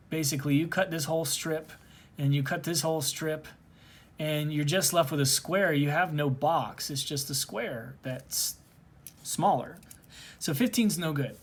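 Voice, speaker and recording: A man teaching a recorded calculus lesson from home, casually talking through each step aloud. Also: a little high. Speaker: math teacher.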